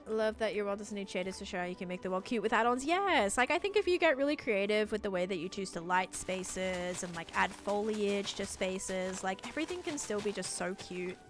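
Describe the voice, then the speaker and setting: An Australian woman chatting casually on a gaming live stream, her voice sitting at an ordinary middle pitch. She talks loosely and warmly to chat, reading comments aloud and laughing often, with soft music playing faintly underneath. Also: lively intonation, fairly quick, few pauses.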